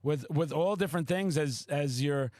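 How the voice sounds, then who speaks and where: A man hosting a podcast, a loud, excitable storyteller who swears often in casual chat. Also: a little high, moderate pace, no room sound. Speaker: podcast host.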